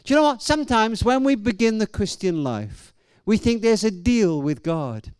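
A middle-aged man preaching a sermon, telling stories and swinging between raised and hushed delivery. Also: sits high, sing-song, moderate pace, smooth, no room sound. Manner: storytelling, swings from loud to hushed. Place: church hall or event venue.

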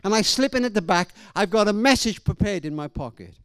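A middle-aged man preaching a sermon, telling stories and swinging between raised and hushed delivery. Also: high-pitched, animated, fairly quick, clean tone, dry recording. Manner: storytelling, swings from loud to hushed. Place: church hall or event venue.

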